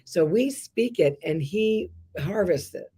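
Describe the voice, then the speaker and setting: A woman's voice: lowish voice, lively intonation, slow pace, warm tone, breathy edge. A woman co-hosting a casual Christian talk stream, speaking earnestly and addressing viewers directly with encouragement.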